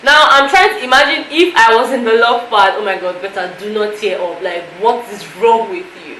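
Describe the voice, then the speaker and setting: A woman's voice: on the high side, normal speed, pushed and bright. A woman recapping a reality show to camera in a chatty, emotional way, full of "you know" fillers. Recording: echoey room with faint noise.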